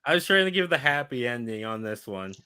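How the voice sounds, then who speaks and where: A man hosting a podcast in casual banter, animated and defensive, swearing freely. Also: mid-range voice, fast talker, smooth. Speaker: podcast host. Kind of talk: casual chat.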